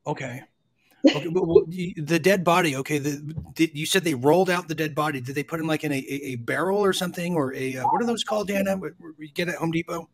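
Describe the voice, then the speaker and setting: A man's voice: on the high side, fast. Stammering joking male host. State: sweating. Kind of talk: casual call-in chat.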